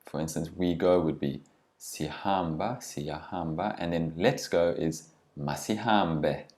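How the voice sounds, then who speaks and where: A man with a deep, somewhat dark voice teaches a language lesson. He says each word with deliberate care and then explains what it means.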